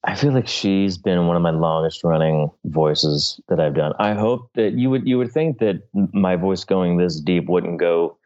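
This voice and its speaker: A very deep-voiced man chats haltingly in a comedic back-and-forth. His audio sounds dull and lo-fi. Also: a little mellow. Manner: hesitant, halting. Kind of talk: comedic casual chat.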